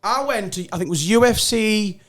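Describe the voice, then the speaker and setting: High-voiced Geordie man telling a story. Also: brisk. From North East England. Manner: animated, swearing, acts out other people's lines. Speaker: podcast co-host telling a story. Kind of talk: casual storytelling chat.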